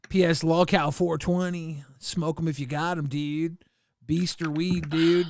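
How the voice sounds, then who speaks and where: A man's voice: a little high, flat delivery, measured pace, no echo. A man hosting a casual livestream chat, laid-back, teasing and reading out viewer messages on a close mic. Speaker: livestream host.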